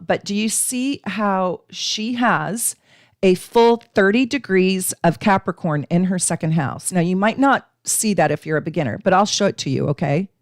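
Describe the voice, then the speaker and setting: A woman's voice: fairly low pitch, no room sound, clean studio sound. A woman hosting a live astrology stream, teaching casually and chatting with viewers, with frequent ums.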